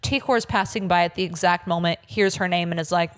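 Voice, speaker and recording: A woman's voice: on the low side, fairly even intonation, fairly quick. A woman co-hosting a casual podcast, retelling events and mimicking people in dramatic voices. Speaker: podcast co-host. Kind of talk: casual chat recapping a reality show.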